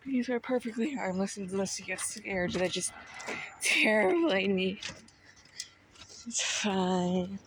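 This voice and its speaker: Holding her phone as she walks through nature, a young woman chats playfully for a casual vlog, exclaiming at the sights while a little out of breath. Her medium-pitched voice has lively intonation, moving slowly with frequent pauses. Faint outdoor sounds sit behind the poor audio.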